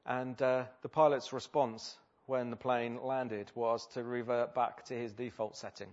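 Male preacher, sermon, conversational, lots of um and uh, rhetorical questions, middle pitch, lo-fi sound. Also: little pitch movement, unhurried. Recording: slightly dull lo-fi recording.

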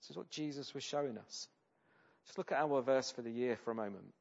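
A man preaching a sermon in a conversational way, often pausing with ums and restarting his sentences. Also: medium pitch, gravelly, lo-fi sound. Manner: conversational, with many hesitations and restarts.

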